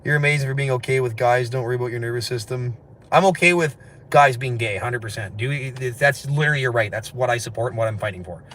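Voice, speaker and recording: A man from Canada chatting on a late-night livestream, reading viewer comments and rambling very fast between laughs. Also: medium pitch, a bit bright, slight background noise. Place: indoors at night, after a street walk.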